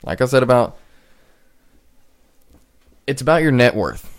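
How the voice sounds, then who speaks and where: A man's voice: mid-range voice, big pitch swings, unhurried. A man in his twenties hosting a solo podcast, talking casually and rambling with frequent restarts. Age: 20s. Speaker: podcast host.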